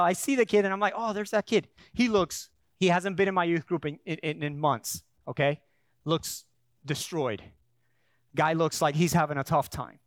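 A man preaching a sermon in a church, his voice pitched high and recorded close and dry with no room sound. He tells stories in a chatty way, stumbling and restarting, then builds up to emphatic preaching. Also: no room sound. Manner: conversational storytelling with frequent restarts. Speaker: pastor.

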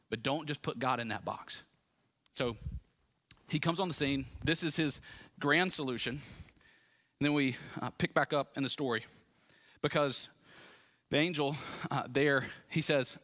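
Bright-voiced male preacher, animated. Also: on the high side, a little fast. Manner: animated, conversational preaching with asides. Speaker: pastor. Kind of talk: sermon.

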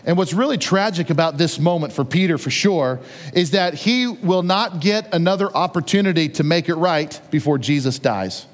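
Male preacher, conversational storyteller who acts out scenes; high voice, echoing hall. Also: animated, normal speed. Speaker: pastor. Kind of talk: sermon. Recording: long reverb of a large hall.

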